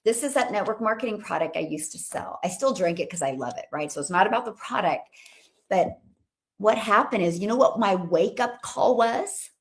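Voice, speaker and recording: A woman's voice: medium pitch, lively intonation, normal speed. A middle-aged woman hosting a livestream as a business coach, talking with upbeat, bubbly enthusiasm and calling out to viewers. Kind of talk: upbeat livestream talk reading viewer comments.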